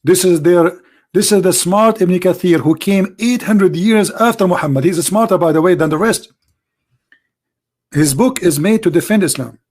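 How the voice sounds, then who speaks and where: A hoarse man hosting a livestream on religion, speaking emphatically in broken English and firing off rhetorical questions. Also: high-pitched, moderate pace, a little mellow. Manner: emphatic, rhetorical questions, non-native grammar. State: hoarse, voice nearly gone. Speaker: livestream debate host. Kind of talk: live-streamed religious polemic.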